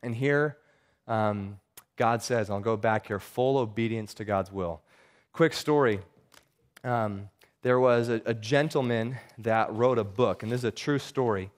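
Guy preaching, earnest and chatty, mid-pitched voice, acts out the quotes. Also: measured pace. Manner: earnest, conversational, uses vocal shifts for quoted lines. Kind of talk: sermon.

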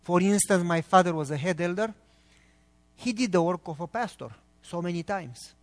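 Male preacher, Romanian accent, earnest sermon delivery, slightly high voice, reverberant church hall. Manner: earnest, talks quickly when excited, pauses between phrases. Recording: long reverb of a large hall.

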